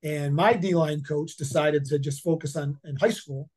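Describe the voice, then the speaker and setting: Rambling fifties man, slightly high voice. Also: measured pace, darkish tone, breathy edge. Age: 50s. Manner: rambling, repeats words, many fillers. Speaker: head football coach, guest. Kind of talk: casual interview storytelling.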